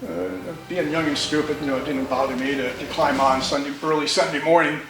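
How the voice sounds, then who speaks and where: A man's voice: fairly high pitch, fairly even intonation, a little fast, over music. Older guy from new york, folksy rambling storyteller, lots of false starts, sounds far off in an echoey room. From New York, USA. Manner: rambling, folksy, many restarts. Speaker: interviewee, motorcycle owner. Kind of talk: storytelling interview.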